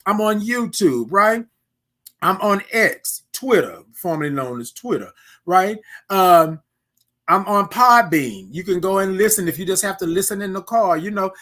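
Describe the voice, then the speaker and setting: A Houston, Texas man hosts a casual morning livestream, chatting with viewers, reading their comments aloud, and tagging lines with "right?" and "y'all," using a desk mic he can move aside. His voice is high and sharp with lively intonation, a little slow.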